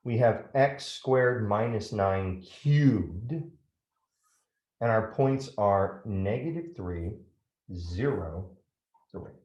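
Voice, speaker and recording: A man's voice: lowish voice, expressive, drawn-out words, darkish tone, echoey room. A man teaching a math lesson step by step, often checking in with "right?".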